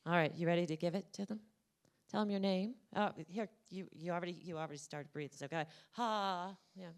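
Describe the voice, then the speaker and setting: Energetic woman coaching a conference crowd. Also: fairly low pitch, quick pace. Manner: energetic, coaxing, talks to the crowd directly. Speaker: conference speaker. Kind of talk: motivational talk with audience exercises. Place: conference room.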